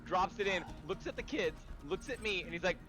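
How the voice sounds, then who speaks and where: A man chatting casually while playing a video game, telling a story and doing high voices for the people in it. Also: animated, a little fast, music in the background. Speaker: gamer. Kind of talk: casual chat while gaming.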